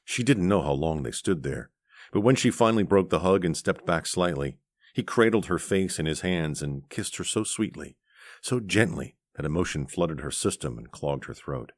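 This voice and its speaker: A man reading an audiobook aloud in a measured, gentle narration on a close studio mic. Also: sits low, expressive, dry recording.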